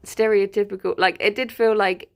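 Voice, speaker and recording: A woman's voice: mid-range voice, steady tone, normal speed, vocal fry. A woman streamer chatting casually with her viewers, rambling and giggling often. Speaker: livestreamer.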